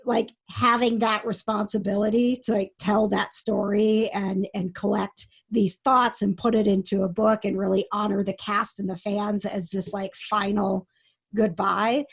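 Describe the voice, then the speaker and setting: A woman's voice: medium pitch, gravelly. A woman co-hosting a casual podcast, chatting and giggling as she tells stories. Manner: chatty, giggly, restarts sentences. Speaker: podcast co-host. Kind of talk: casual chat.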